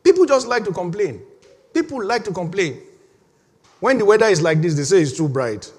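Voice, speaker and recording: High-voiced preaching man in a reverberant hall. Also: normal speed, husky. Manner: animated preaching with call-and-response and laughter. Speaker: pastor. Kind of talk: sermon.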